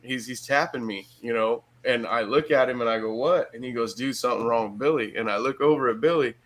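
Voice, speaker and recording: A man's voice: medium pitch, fairly quick, rough recording. A middle-aged man from Michigan, telling a story in casual podcast chat, swearing and laughing hard through it. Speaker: podcast guest.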